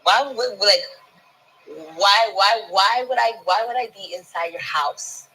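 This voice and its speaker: A scornful woman rants in a piercingly bright voice that has a husky edge. She swears nonstop and trips over repeated words as she builds up steam. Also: medium pitch, a little slow, rough recording. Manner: scornful, mocking, swearing constantly; repeats and restarts words when heated. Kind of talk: profane ranting monologue.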